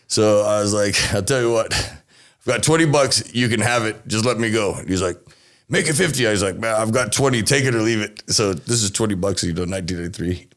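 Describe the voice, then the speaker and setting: A man's voice: fairly low pitch, brisk. A man in his late forties from the United States, telling his story as an interview guest and acting out the people in it. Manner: animated, acts out voices in his stories, laughs often. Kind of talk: casual storytelling.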